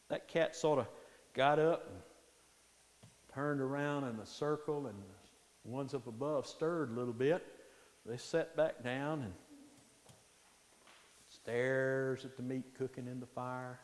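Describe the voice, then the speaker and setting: A man telling a folktale aloud with animated, dramatic pacing, dropping into hushed tones for suspense. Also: mid-range voice, echoey room, big-room sound. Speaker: storyteller.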